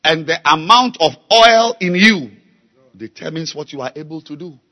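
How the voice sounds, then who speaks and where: A man preaching a sermon, slow and emphatic, repeating key words and building to loud exhortation. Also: on the high side, expressive. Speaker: pastor.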